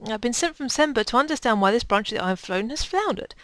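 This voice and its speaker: A woman's voice: a little high, animated, fast, a bit bright, no echo, clean studio sound. A woman voicing a haughty female merchant official in a pompous put-on accent. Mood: indignant.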